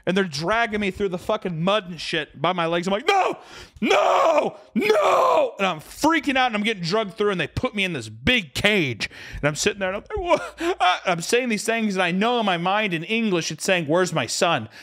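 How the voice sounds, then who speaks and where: Animated man telling a wild story. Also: sits high, fairly quick. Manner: animated, profane, acts out quotes with screams. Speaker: podcast co-host. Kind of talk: casual comedic storytelling.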